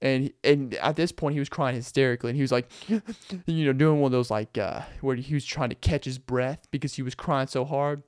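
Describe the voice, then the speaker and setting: A young man hosting a podcast, telling rambling, animated stories in a casual monologue and laughing often. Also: mid-range voice, brisk, hardly any pauses, clean tone, no echo, studio quality. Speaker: podcast host.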